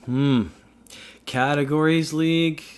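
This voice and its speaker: Slow, halting man on a podcast. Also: fairly high pitch, fairly even intonation, clean tone. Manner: halting, hesitant, many restarts. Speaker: podcast guest. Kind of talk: casual fantasy hockey chat.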